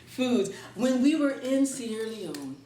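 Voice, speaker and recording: A woman tells a folktale to a live audience, playful and animated. She is picked up from a distance in a roomy library space, with a faint hum of background sound. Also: on the high side, slow. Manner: playful and expressive, laughs through the telling. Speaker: storyteller and educator. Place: presentation room at a library.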